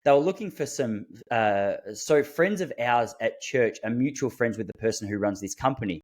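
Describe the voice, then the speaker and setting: A man's voice: mid-range voice, moderate pace. A man hosting a podcast, telling stories animatedly in casual chat and acting out what people said. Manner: animated storytelling with quoted voices and laughs. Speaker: podcast host.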